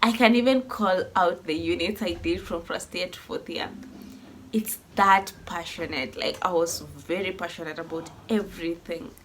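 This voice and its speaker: A woman's voice: fairly low pitch, normal speed, fairly bright tone, slight background noise. Emotional young woman. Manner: heartfelt, rambling with restarts. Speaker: vlogger. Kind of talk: emotional personal vlog.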